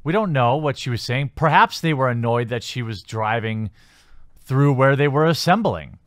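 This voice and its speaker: A man's voice: mid-range voice, lively intonation, normal speed, a bit bright, no room sound. Sarcastic man, dry close mic. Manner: sarcastic, skeptical, frequent fillers. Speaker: commentary channel host. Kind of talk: casual commentary reading news articles.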